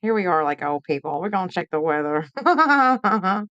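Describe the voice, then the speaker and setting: A woman's voice: lowish voice, very animated, moderate pace, fairly bright tone, no room sound, lo-fi sound. A woman, hosting a late-night live stream in a folksy, chatty way and greeting viewers by name.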